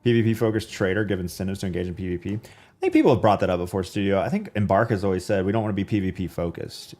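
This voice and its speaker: A man's voice: low-pitched, rapid-fire, darkish tone. A man streaming and chatting casually with his live chat, rambling with lots of fillers and restarts.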